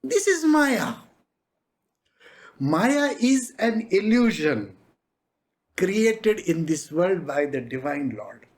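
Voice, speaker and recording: With a very animated medium-pitched voice, this spiritual master slowly recounts a parable as part of a devotional talk, chuckling often along the way.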